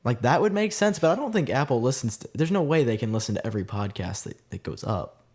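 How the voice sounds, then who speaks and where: A man hosting a casual tech podcast, lively and quick to jump between points. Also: medium pitch, slightly rough. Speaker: podcast host.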